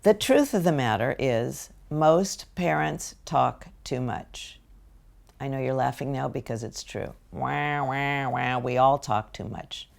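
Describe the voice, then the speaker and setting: An older American woman lectures parents in a slow, deliberate way, sometimes acting out what parents say. Her voice sits low and carries a gravelly edge. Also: darkish tone. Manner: slow deliberate delivery with acted-out parent quotes. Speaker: parenting educator.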